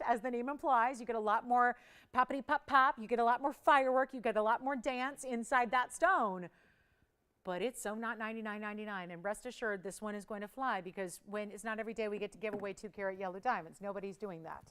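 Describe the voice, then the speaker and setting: Shopping channel host, woman, fairly high and smooth voice, upbeat persuasive price countdown. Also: fairly bright tone. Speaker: jewelry shopping show host. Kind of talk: live TV shopping sales pitch.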